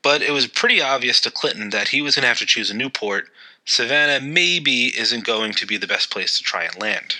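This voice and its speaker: A man's voice: medium pitch, expressive, brisk, pushed and bright, poor audio. A man hosting a history podcast, narrating events in a loose, conversational way with occasional fillers. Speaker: podcast host.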